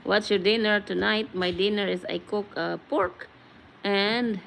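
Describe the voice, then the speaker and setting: A woman's voice: mid-range voice, steady tone, unhurried, creaky, fairly bright tone, slight background noise, rough recording. A woman from the Philippines hosting a casual live-stream chat, greeting viewers by name in a chatty, friendly way. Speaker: livestream host. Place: home in Australia.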